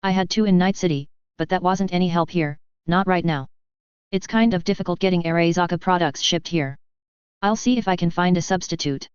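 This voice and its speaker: A woman narrating a first-person story in an audiobook with a steady, even reading. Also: on the low side, fairly quick, clear, resonant tone, dry recording. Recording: dull, lo-fi and dry.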